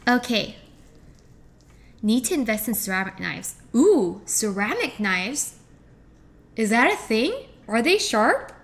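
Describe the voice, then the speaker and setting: With a slightly high voice that swings widely in pitch, a woman speaks slowly and pauses often. She streams live from her home kitchen as she cooks, playfully reading viewers' messages aloud, responding and exchanging puns.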